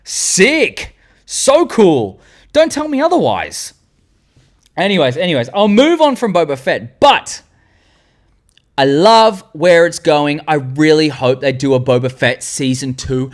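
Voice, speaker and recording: An Australian man hosting a fan video, gushing excitedly about favorite characters and breaking into silly voices. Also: fairly high pitch, takes it slowly. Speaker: vlog host. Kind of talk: enthusiastic fan commentary.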